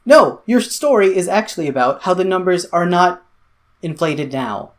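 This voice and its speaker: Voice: mid-range voice, lively intonation, moderate pace. Profane, furious ranting vlogger. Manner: sarcastic, profane, sputtering with anger. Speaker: commentary vlogger. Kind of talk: angry political rant.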